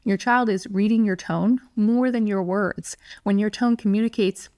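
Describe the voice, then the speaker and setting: A woman parenting educator talks through a scripted lesson. Her delivery is calm, clear and steady, at a middle pitch. The sound is dry and close. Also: normal speed, no room sound. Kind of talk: scripted teaching monologue.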